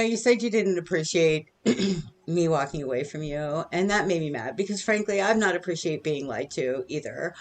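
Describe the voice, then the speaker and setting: A middle-aged woman venting in an indignant, sarcastic monologue aimed at her former bosses. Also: fairly low pitch. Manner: indignant, sarcastic, with bitter laughs. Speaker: vlogger. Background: soft music.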